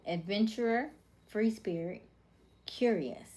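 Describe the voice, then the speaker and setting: This livestream host is a woman with a mid-range, slightly mellow voice who takes her time. She reads out viewers' comments casually and lists personality traits in brief, upbeat runs.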